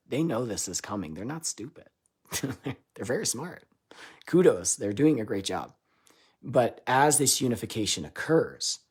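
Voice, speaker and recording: Husky, low-pitched man; live spiritual channeler, irreverent and laughing, booming lines and muttered asides. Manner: loose and irreverent, swearing and laughing between lines; swings between loud declarations and quiet asides.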